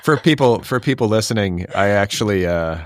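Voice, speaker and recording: A man hosting a podcast, speaking in a wry, deadpan way with casual chat. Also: lowish voice, fairly quick, noisy background. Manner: wry, deadpan, particular about audio. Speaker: podcast host. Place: Los Angeles, USA.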